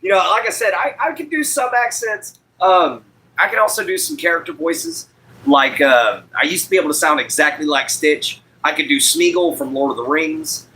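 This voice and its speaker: A man's voice: fairly high pitch, moderate pace, pushed and bright, low-quality recording. An American man in young adulthood, hosting a live stream and chatting casually with viewers, laughing often as he answers chat. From United States.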